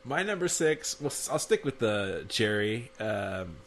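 A man's voice: lowish voice, very animated, unhurried. A man co-hosting a casual chat, laughing often and acting out quoted lines. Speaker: podcast co-host.

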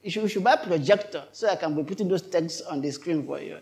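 A man's voice: a little high, fast, gravelly, a little mellow. A male pastor preaching a sermon, emphatic and repetitive, often turning to question his congregation.

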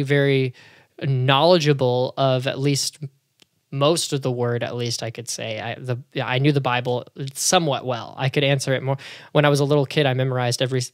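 A man's voice: medium pitch, dry recording, studio quality. A man talking casually and at length about his faith, with many fillers and restarts. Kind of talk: casual conversational testimony.

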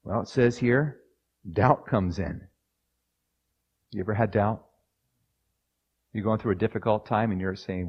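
A man preaching a sermon, moving from quiet personal storytelling to loud, dramatic scripture readings. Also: lowish voice, animated, unhurried, pauses often, slightly rough, lo-fi sound.

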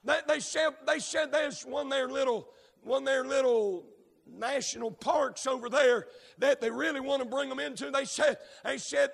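A man preaching a fervent sermon, breaking into shouts and dropping frequent amens. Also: very high-pitched, expressive, normal speed, vocal fry, long reverb tail.

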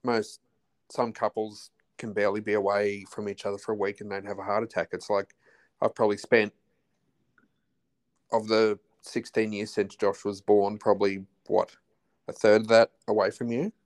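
An Australian man in his forties talks casually as a podcast guest. His voice sits low, and he circles his points with restarts and trailing half-phrases. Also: level tone, normal speed. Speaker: podcast guest, husband of host. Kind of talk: casual chat.

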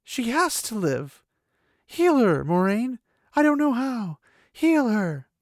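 A man's voice: extremely high pitch, big pitch swings, slow pace, no room sound, pitched above the performer's own voice, exaggerated voice. A man voicing a young hero in raw despair, pleading and straining as he reads a fantasy novel aloud. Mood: desperate. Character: emotional desperate young man grieving.

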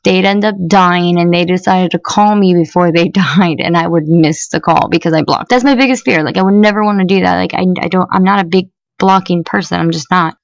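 A woman with a low, gravelly voice tells a story on her podcast in a blunt, animated way, swearing freely as she vents. The recording sounds dull and lo-fi, very dry, with no room sound around her. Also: dry recording. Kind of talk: casual storytelling monologue.

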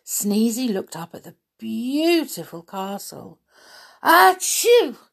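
A woman reading a children's storybook aloud and chatting gently with her listeners. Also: on the low side, very animated, takes it slowly, gravelly, slightly rough. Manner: gentle, chatty, with soft laughs.

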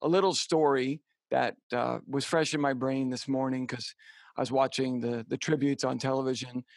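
A middle-aged man co-hosting a podcast, telling a personal story in a halting, heartfelt way with many fillers and restarts. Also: mid-range voice, fairly even intonation, creaky, dry recording. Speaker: podcast co-host. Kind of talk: casual storytelling chat.

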